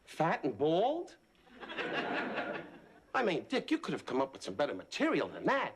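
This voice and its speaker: A man's voice: fairly high pitch, huge pitch swings, fast talker. An actor playing a brash male late-night talk show host who mocks his sidekick and guests in a sitcom. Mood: sly. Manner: mocking, brash, insulting. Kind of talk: sitcom acting. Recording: sitcom audio with loud audience laughter and noise.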